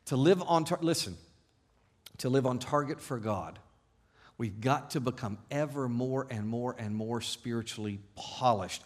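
A male pastor preaching a sermon to his congregation, telling stories with animated, self-deprecating humor and playful irony. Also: mid-range voice, unhurried. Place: church service before a congregation.

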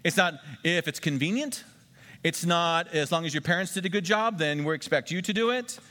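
A male pastor delivers a sermon in a fairly high voice, emphatic and deliberate, slowing down to repeat key phrases for his listeners. His words ring out with a long reverb from a large church hall. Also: bright, forceful tone.

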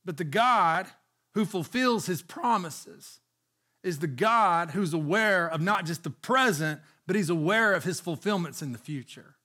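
Earnest higher-voiced male preacher. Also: lively intonation, measured pace, bright, forceful tone. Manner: earnest preaching, reads scripture aloud, frequent restarts. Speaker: pastor. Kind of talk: sermon.

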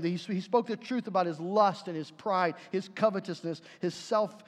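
A man preaching a sermon as a pastor, earnest, swinging between forceful passages and hushed ones. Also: sits high, normal speed. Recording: long reverb of a large hall.

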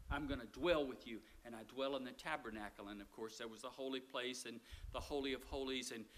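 A middle-aged male guest pastor preaching a sermon in a conversational way, swinging from emphatic lines to soft, near-whispered ones, with self-deprecating asides. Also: a little high.

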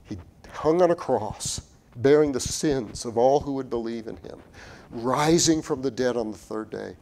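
This sermon comes from a male pastor with a medium-pitched voice and a normal speaking speed. Earnest throughout, he circles back over phrases and restarts them, swelling to emphatic high points and then sinking to a hush.

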